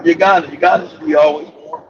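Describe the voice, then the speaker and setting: High, gravelly-voiced man telling rowdy stories. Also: moderate pace, a little hiss or hum. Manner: profane, animated, rambling anecdotes with bursts of shouting. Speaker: talk show host. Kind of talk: casual storytelling chat. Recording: dull lo-fi audio.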